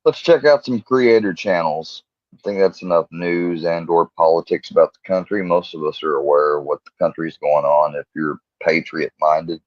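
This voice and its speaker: Low-voiced man, casual stream host, chatty and rambling, dry slightly dull audio. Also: moderate pace, no room sound. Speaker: livestream host. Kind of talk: casual livestream commentary.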